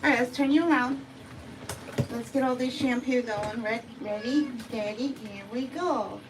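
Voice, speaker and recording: Playful woman cat groomer, slow and singsongy, loud salon noise in the background. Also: a little high. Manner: playful sing-song baby talk to the cat. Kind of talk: live grooming demonstration.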